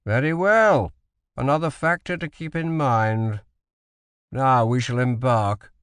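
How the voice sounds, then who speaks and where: A man voicing a commanding British admiral in an audiobook, speaking with deliberate authority. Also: medium pitch, fairly bright tone, clean tone, no echo, studio quality. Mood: curious. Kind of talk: audiobook character voice.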